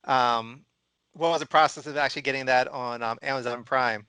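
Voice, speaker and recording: A man's voice: mid-range voice, fairly even intonation, brisk, heavy background noise. A man co-hosting an interview, asking upbeat questions and laughing along. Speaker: show co-host. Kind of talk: casual video-call interview.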